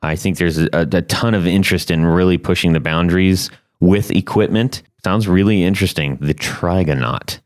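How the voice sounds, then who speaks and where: A man hosting a casual podcast interview, easygoing and quick to laugh. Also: low voice. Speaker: podcast host.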